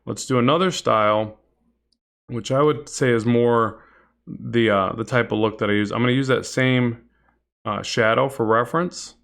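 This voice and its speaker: A middle-aged man chats through a comic drawing livestream, in a voice of middling pitch. He rambles a little, restarts his sentences and answers viewers as he works. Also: steady tone, moderate pace, creaky, fairly bright tone. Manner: rambling and chatty, many fillers and restarts, reads chat aloud. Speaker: comic art instructor and livestream host. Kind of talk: casual livestream drawing lesson, chatting with viewers.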